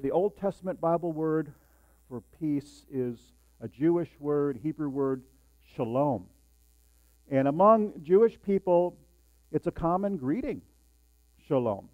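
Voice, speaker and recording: An older male pastor gives a sermon in a friendly, conversational way, often asking his listeners questions. His voice sits fairly high. The recording is dry and dull, with a low mains hum underneath. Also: dry recording. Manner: conversational, asks the congregation questions.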